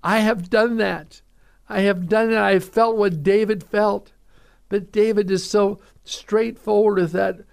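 A man's voice: high-pitched, steady tone, unhurried, gravelly, smooth. A man who is a pastor, preaching an earnest radio sermon and speaking straight to listeners as folks.

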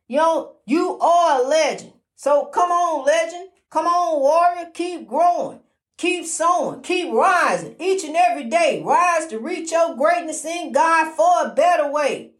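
A woman giving a daily inspirational testimony in a preacherly, repetitive, encouraging way, with many fillers. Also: very high-pitched. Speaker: motivational speaker. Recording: roomy echo.

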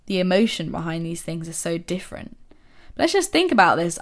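Chatty woman, lively questions. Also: fairly low pitch, moderate pace. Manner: animated, rhetorical questions, dips into soft asides. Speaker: podcast host. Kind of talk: casual motivational monologue.

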